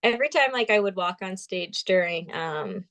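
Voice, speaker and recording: Lively young woman from Vermont telling stories. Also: medium pitch, moderate pace. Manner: animated storyteller, acts out quotes. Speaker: guest, pageant titleholder. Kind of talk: casual interview storytelling.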